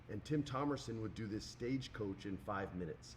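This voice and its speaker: A man's voice: mid-range voice, brisk, few pauses, a little hiss or hum. A man, co-hosting a casual podcast chat and telling stories with lots of energy, throwing "dude" into everything. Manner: energetic storyteller, says "dude" a lot. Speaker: podcast co-host.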